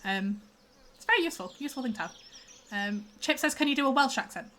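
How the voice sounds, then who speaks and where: A woman's voice: high voice, lively intonation, fast talker, a bit bright. A young woman, chatting and rambling casually as a streamer while she plays. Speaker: streamer host. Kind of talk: casual chat while gaming.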